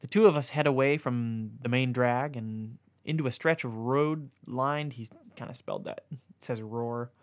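A man reads a comic erotic story aloud in a mid-pitched voice. His delivery stays mostly deadpan, broken by amused asides when he fumbles a word. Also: normal speed. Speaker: reader.

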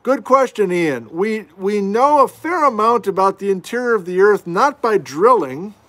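Streaming a relaxed geology lesson from indoors at home, a chatty male instructor fields viewer questions, folksy and quick to poke fun at himself. His high voice is expressive and fairly bright, at a moderate pace.

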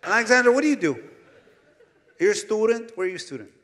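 A male stand-up comedian from Canada doing crowd work, teasing audience members in quick jabs and laughing between lines. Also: high voice, big pitch swings, a bit bright. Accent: Canadian English. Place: large comedy venue on stage. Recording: live theater recording with audience laughter and hall reverb.

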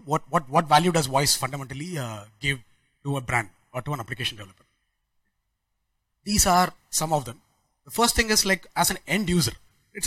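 A middle-aged man gives a tech conference talk through a sore, husky throat, often checking in with "right?" and restarting his sentences. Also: on the high side, pushed and bright, no room sound, low-quality recording. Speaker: startup founder giving a conference talk. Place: conference hall.

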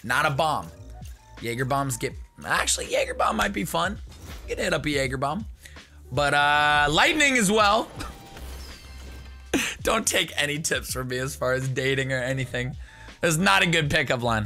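A young man hosts a hyped gaming commentary, his bright voice leaping up and down as he jokes and bursts into shouts. He talks fast and loose, with faint music under him. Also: fairly high pitch, vocal fry. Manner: excitable, jokey, bursts into shouts. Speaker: gaming video host.

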